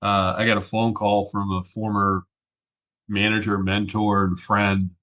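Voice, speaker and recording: A man's voice: on the low side, little pitch movement, measured pace, fairly bright tone, dull audio. A man, a regular guest on a tech podcast, chatting and reminiscing with many fillers. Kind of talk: casual podcast chat.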